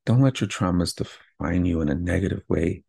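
Low gravelly man, hyped podcast talk. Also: normal speed, dark tone, dry recording. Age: adult with kids. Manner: candid, pumped-up self-talk with frequent "right?". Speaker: podcast host. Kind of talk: motivational podcast monologue.

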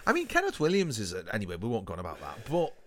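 A man's voice: lowish voice, wildly swooping pitch, racing, a bit bright. A man co-hosting a casual podcast chat, making dry, opinionated remarks. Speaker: podcast co-host.

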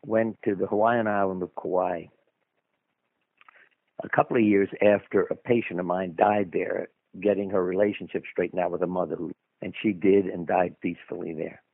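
A man with a low-pitched, creaky voice and a breathy edge speaks at normal speed with fairly even intonation, with no room sound. Being interviewed on the radio as a guest author, he tells anecdotes that ramble with asides, over dry phone-line audio.

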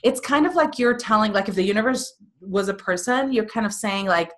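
Energetic woman coaching on a podcast. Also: medium pitch, fairly quick, few pauses. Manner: energetic, acts out quoted voices. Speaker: guest coach. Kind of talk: podcast interview.

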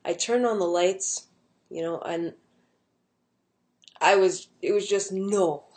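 A woman's voice: mid-range voice, steady tone, slow pace, darkish tone, a little hiss or hum. A young adult woman casually telling a personal story at home, rambling with many fillers and restarts. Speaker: vlogger.

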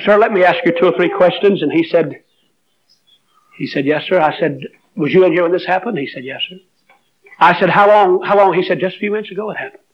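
A man's voice: on the high side, dull audio. A man preaching a sermon, telling an emotional story and then urging his listeners on with fervor. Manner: emotional storytelling, rising to fervent exhortation.

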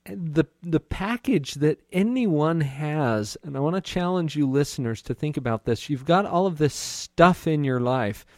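A man's voice: fairly high pitch, animated, a little slow, few pauses, dry recording, clean studio sound. A man hosting an interview show, talking thoughtfully and speaking straight to his listeners. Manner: thoughtful, addresses listeners directly. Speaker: podcast host, doctor. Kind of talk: casual interview talk.

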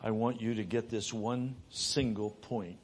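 A middle-aged man preaching a sermon, moving between raised, urgent delivery and hushed, soft passages. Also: fairly low pitch, steady tone, unhurried, slightly rough.

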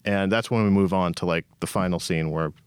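A man in his forties joins a podcast as a guest, rambling in a relaxed way and peppering his talk with "like". His voice is low, recorded close and dry. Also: fairly quick, smooth, dry recording. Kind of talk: casual chat.

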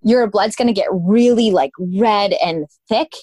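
A woman of middling pitch talks as a podcast guest, loose and informal, peppering her explanations with "like" and "um". Her voice sits dry and close, with no room sound around it. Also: measured pace, darkish tone, dry recording. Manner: chatty and informal, full of "like" and "um". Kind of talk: casual conversational interview.

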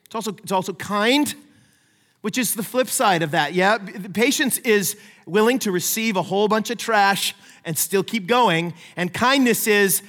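A middle-aged man preaching a sermon as a pastor, lively and conversational, playfully acting out the voices he quotes. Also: high-pitched, measured pace. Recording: long reverb of a large hall.

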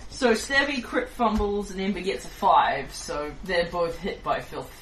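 A woman's voice: on the low side, very animated, a little slow, slight background noise. A woman player at a tabletop game, making light, laughing remarks. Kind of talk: casual tabletop play. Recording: echoey, distant, with loud music.

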